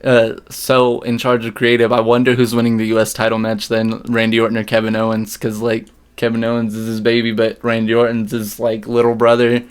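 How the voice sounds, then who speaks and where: A man's voice: mid-range voice, completely flat delivery, brisk, hardly any pauses, smooth. A man co-hosting a podcast in casual chat, blunt and jokey, swearing freely. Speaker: podcast co-host.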